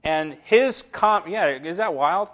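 A middle-aged man preaches in a loose, joking way, full of asides and stories. His voice sits a bit high for a man, and the recording is dull and lo-fi. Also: takes it slowly. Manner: humorous, animated storytelling with asides. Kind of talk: conversational sermon.

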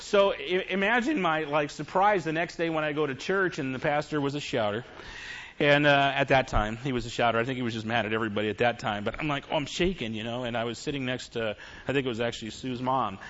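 Speaking fast with a steady, fairly bright tone at medium pitch, a middle-aged man preaches a sermon. He fills it with funny, confessional anecdotes for his congregation, recorded in dull lo-fi quality.

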